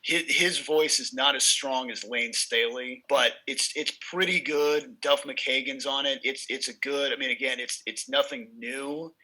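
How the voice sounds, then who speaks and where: Guy cohosting a podcast, really bright tense voice, excited storyteller. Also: medium pitch, measured pace, few pauses, poor audio. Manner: enthusiastic, storytelling, jokey asides. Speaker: podcast co-host. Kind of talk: casual chat about rock albums.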